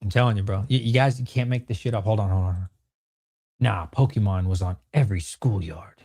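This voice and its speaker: A man in his thirties hosting a livestream Q&A, excitable and swearing often as he rants at his chat. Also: fairly low pitch, fairly quick. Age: 30s. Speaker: streamer host.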